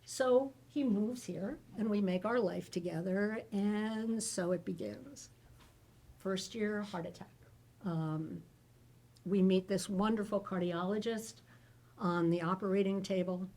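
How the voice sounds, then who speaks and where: A woman's voice: medium pitch, slow, a little mellow. A middle-aged woman from the United States, speaking as a panelist and candidly sharing her caregiving experience with jokes along the way. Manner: candid, joking storyteller. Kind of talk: personal story at a public panel.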